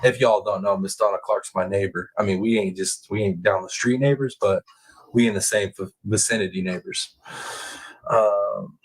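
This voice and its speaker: A relaxed man with a lowish voice hosts a casual livestream from home. He chats easily with his viewers, drawls out his words and reads their comments aloud. His voice leaps higher whenever a viewer excites him. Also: normal speed, breathy edge, rough recording. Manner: laid-back, chatty, drawling out words; rises high when excited by a viewer. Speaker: livestream host reading chat.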